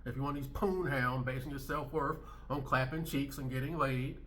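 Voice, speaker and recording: A man's voice: medium pitch, fairly even intonation, moderate pace, a bit bright, a little hiss or hum. A man hosting a commentary channel, reacting to clips in a blunt, emphatic way and hammering his points home by repeating them.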